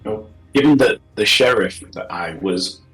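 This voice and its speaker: A man's voice: lowish voice, animated, unhurried, a bit bright, soft background music. A man playing in a tabletop game, describing his character's actions in a rambling, hesitant way. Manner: rambling, full of fillers and restarts. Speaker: player. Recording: roomy echo.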